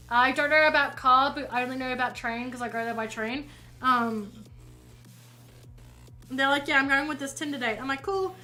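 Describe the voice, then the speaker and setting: A woman's voice: high-pitched, pushed and bright, low-quality recording. A woman streaming while painting, telling a rambling story in casual chat and often correcting herself. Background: faint music.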